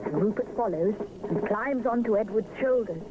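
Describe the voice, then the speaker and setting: A woman narrating a children's storybook show in a gentle, expressive way. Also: medium pitch, normal speed. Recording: hissy 1970s TV soundtrack.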